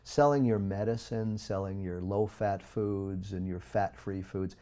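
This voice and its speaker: A man speaking as an interview guest, talking in an emphatic, preachy way with big swings in loudness. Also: deep voice, fairly even intonation, unhurried. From United States. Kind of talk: interview talk.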